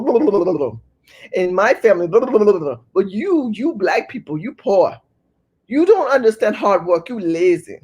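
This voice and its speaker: A woman's voice: mid-range voice, a little mellow, breathy edge. Woman doing a scornful boss lady with a put-on Caribbean accent. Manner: mocking, dismissive caricature. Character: bossy immigrant woman supervisor, scornful.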